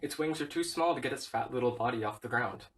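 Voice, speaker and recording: A man reading a whole film script aloud, stage directions included, in a flat, steady way. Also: mid-range voice, fast talker, distant mic, low-quality recording. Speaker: reader.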